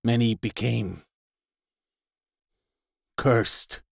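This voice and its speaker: A man reading aloud who voices a bitter, grieving chieftain, his words slow and strained. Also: medium pitch, fairly even intonation, creaky, dry recording, studio quality, heavily acted. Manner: slow, strained, each word forced out.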